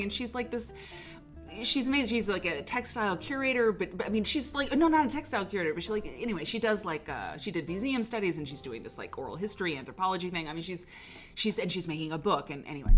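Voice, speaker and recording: A woman's voice: mid-range voice, a bit bright. A woman hosting a live stream in casual chat, rambling and laughing as she talks, with lots of "like" as filler. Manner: rambling, chatty, full of "like" and laughter. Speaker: livestream host.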